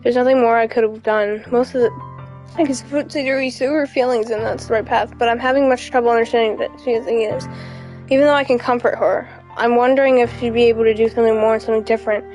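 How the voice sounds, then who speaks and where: A woman's voice: on the high side, fairly even intonation, quick pace, a little mellow, faint music behind, low-quality recording. A young woman reading a visual novel aloud over an online call, dramatic and given to repeating herself when upset. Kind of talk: emotional game read-aloud.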